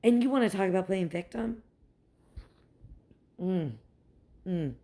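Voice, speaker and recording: A young woman, a mother, in a heated and profane personal rant, sarcastic and quick to mock others. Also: medium pitch, animated, warm tone. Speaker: mother venting about her ex's family.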